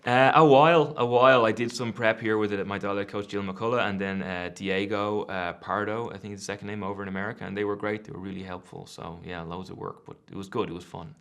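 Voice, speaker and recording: A man in his thirties with an Irish accent, chatting casually as an actor being interviewed, self-deprecating and quick to laugh. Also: on the low side, fairly even intonation, fairly bright tone. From Ireland.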